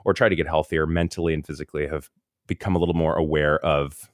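A man in casual podcast chat, rambling and interrupting himself with quick laughs. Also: very deep voice, fairly even intonation, no echo, studio quality. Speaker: podcast co-host.

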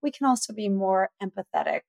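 A middle-aged woman speaking as the expert guest on a parenting podcast, telling stories lively and acting out the dialogue. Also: medium pitch, a little fast, gravelly, no room sound. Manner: animated storyteller, acts out dialogue. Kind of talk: podcast interview.

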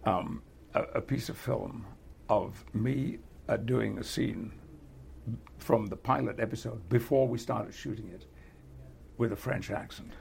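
An older man with a British accent, a guest in a relaxed interview who talks haltingly and chuckles often. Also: lowish voice, gravelly, slight background noise. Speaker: actor guest. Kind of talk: casual interview chat.

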